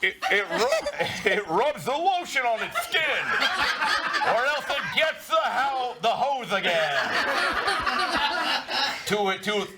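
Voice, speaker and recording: A man playing a creepy kidnapper who gives cold, slow commands. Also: extremely high pitch, big pitch swings, creaky, heavy background noise, exaggerated voice. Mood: menacing. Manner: slow, sinister, repetitive commands.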